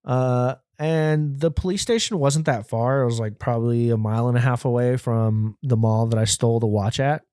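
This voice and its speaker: A young man hosting a podcast, casually telling a story in a profane, animated way. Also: medium pitch, normal speed, few pauses, clear, resonant tone, no room sound, clean studio sound. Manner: profane, animated, acts out quoted voices. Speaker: podcast host.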